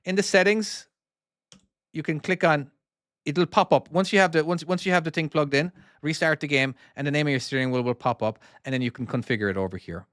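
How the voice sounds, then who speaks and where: A man's voice: fairly high pitch, brisk, fairly bright tone, no room sound. Chatty Cork Irish man, dry sound. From Ireland (Cork). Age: 40s. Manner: rambling, repeats and restarts words, chatty and self-deprecating. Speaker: indie game developer and streamer. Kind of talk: casual livestream chat while playing and reading comments.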